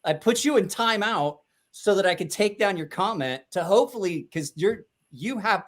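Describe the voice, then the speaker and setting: A man's voice: high voice, expressive, normal speed. A man hosting a casual livestream chat, talking in a loose, profane, rambling way with frequent restarts. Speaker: livestream host.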